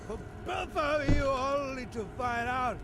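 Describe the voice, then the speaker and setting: An actor playing a bitter, weary father who argues with his wife, resentful and breaking into shouts. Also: very high voice, unhurried. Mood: furious. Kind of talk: game voice acting. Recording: under loud game noise.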